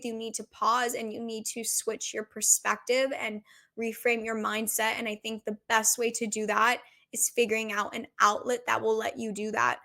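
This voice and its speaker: A woman in her 20s hosts a podcast solo, her voice on the high side and a bit bright. She speaks with a raised voice in a casual, earnest, confessional way, saying "like" often.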